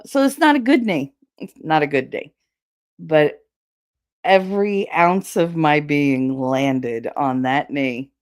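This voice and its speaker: A middle-aged woman telling a story on her livestream, animated, laughing often and swearing freely. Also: low voice, vocal fry, no room sound, clean studio sound. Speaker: streamer.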